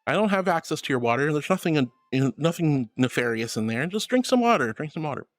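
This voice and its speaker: A man's voice: on the high side, sing-song, fairly quick, no echo, studio quality. A bubbly, affectionate man streaming and chatting casually as he reads out viewer messages. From Florida. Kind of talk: casual chat reading messages.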